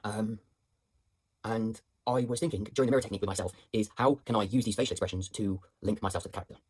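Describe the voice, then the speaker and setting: A young drama student thinks aloud in a fast, rambling voice note, full of fillers and restarts. His voice is husky and a little low, and the sound is dry and close with hardly any room around it. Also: dry recording. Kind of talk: reflective voice note on acting practice. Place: indoors at home.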